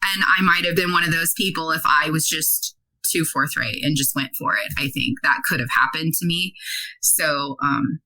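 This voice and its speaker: A woman in her thirties, a podcast guest, telling a story in a casual, animated way, full of "like" and acted-out dialogue. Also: low voice, normal speed, rough recording. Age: 30s. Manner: animated, many "like" fillers, acts out quoted dialogue.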